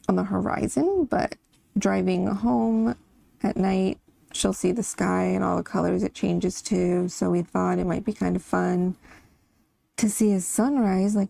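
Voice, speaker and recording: A woman's voice: mid-range voice, gravelly, mellow, no echo. A woman hosting a coloring channel, chatting casually and rambling about her family while she colors, laughing now and then.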